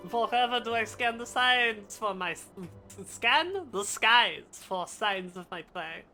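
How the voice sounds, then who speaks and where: A woman's voice: a little high, expressive, takes it slowly, pushed and bright, soft background music, exaggerated voice. A woman reading aloud as a haughty, scornful male dragon hunter in a video game, in lofty old-fashioned phrasing.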